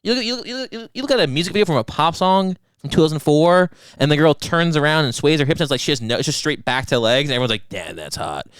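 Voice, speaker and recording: A man's voice: fairly high pitch, fast talker, hardly any pauses, clean tone, no room sound, studio quality. A young man co-hosting a podcast, telling crude stories in casual banter and acting out his own lines. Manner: crude, animated storytelling with acted-out self-quotes. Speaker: podcast co-host.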